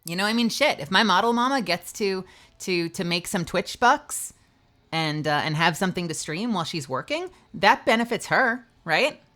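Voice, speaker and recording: A woman's voice: mid-range voice, animated, moderate pace, a bit bright. A young woman streaming and chatting casually, rambling and making self-mocking jokes. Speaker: streamer and voice actor. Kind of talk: casual live-stream chat.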